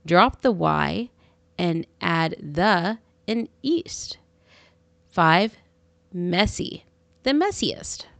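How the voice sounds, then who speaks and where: A woman reads out an English grammar lesson in a slow, deliberate drill cadence. Her voice sits low with a gravelly edge, and her pitch rises and falls widely. The sound is close and dry. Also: no room sound. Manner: reads numbered examples in clear, careful drill cadence. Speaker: English teacher.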